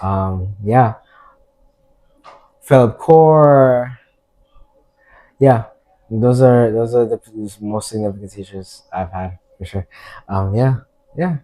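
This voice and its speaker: A man's voice: lowish voice, slow pace, long pauses, mellow, poor audio. A young man co-hosting a casual podcast chat, laid-back, with frequent affirming murmurs.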